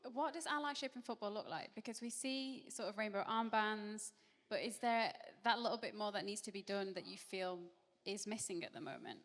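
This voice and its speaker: A woman's voice: mid-range voice, a little fast, a bit bright. A woman interviewing a guest, asking questions and adding short encouraging replies. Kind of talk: casual interview. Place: large hall at a live event. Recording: long hall reverb.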